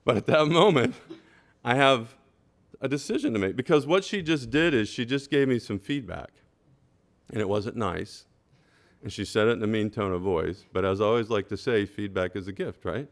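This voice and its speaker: A man on a school board, speaking at a meeting and telling an anecdote with lively asides and "right?". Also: lowish voice, normal speed. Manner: animated storyteller, repeats "right?".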